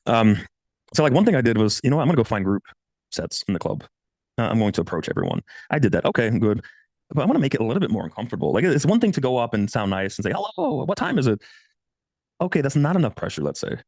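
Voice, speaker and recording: Fast-talking blunt man with a lively voice. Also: no room sound. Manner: blunt, profane, animated, swings pitch for quoted voices. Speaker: dating coach. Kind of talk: casual coaching monologue.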